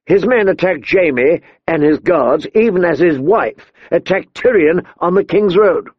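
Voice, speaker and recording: A man's voice: sits high, animated, a little slow, husky, no echo, lo-fi sound, pitched above the performer's own voice, exaggerated voice. A man voicing a cold, haughty queen who speaks in icy, accusing tones. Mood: scornful.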